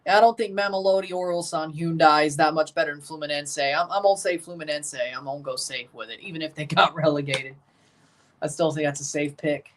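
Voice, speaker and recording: A man's voice: on the high side, fairly even intonation, fairly quick. A man streaming casual, opinionated commentary as he watches a football match and talks to his viewers.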